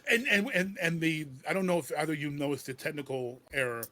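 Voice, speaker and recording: A man's voice: on the high side, expressive, quick pace, bright, forceful tone. Joking man hosting a podcast. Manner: joking, stumbling restarts, roasting the film. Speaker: podcast host. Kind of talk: casual podcast chat.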